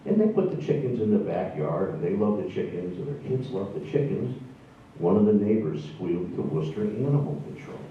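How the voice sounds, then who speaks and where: A man's voice: fairly low pitch, sing-song, fairly quick, distant mic, slight background noise. A man, telling wry, self-deprecating stories to a live audience. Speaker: storyteller. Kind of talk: stand-up storytelling. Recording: echoey room from afar, dull sound.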